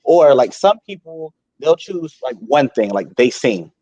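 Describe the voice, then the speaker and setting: A male guest talking casually about himself with modest, self-deprecating humor and quick asides. His mid-pitched voice is recorded close and dry, with no room echo. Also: very animated, dark tone, lo-fi sound. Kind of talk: casual interview chat.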